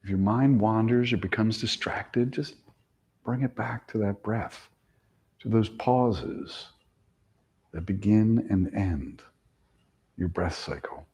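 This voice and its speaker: A man teaching a yoga class, giving slow, soothing relaxation and breathing cues that often trail off softly. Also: fairly low pitch, slightly rough. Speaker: yoga instructor. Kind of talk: guided relaxation instruction.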